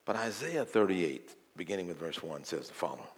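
An older man preaching a sermon as a guest, telling folksy stories and building from quiet talk to loud declarations. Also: very animated, fairly quick, vocal fry, hardly any pauses, slightly rough. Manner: folksy, swells from low murmur to loud preaching. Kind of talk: sermon with storytelling.

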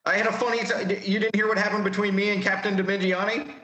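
Guy swearing a lot telling army stories, bright forceful voice, pretty echoey room. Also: sits high, fast. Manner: profane, animated, acts out quotes loudly. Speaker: veteran guest telling war stories. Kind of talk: casual storytelling.

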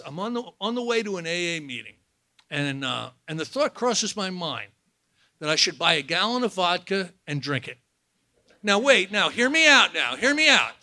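A high-pitched man speaks to an audience with a bright, forceful edge. He tells his own story in a halting, candid way, with many repeated words and wry asides. The sound is dry and close. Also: dry recording.

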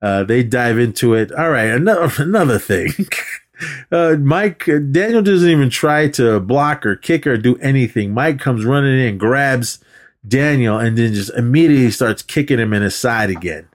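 A man co-hosting a movie podcast, retelling scenes in a casual, animated way and acting out the characters' lines with laughs. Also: mid-range voice, moderate pace. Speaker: podcast co-host.

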